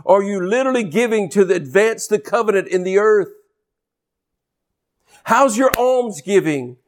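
A man's voice: sits high, expressive, normal speed. A man preaching a sermon, quoting scripture and calling out to his listeners to stay with him. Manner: exhorting, scripture-quoting, calls out to congregation.

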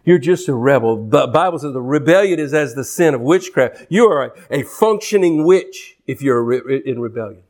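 Male preacher, high voice, fervent sermon delivery with repeated phrases and acted-out quotes. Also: animated, moderate pace, few pauses, darkish tone. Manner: impassioned, repeats and restarts phrases, acts out quoted speech.

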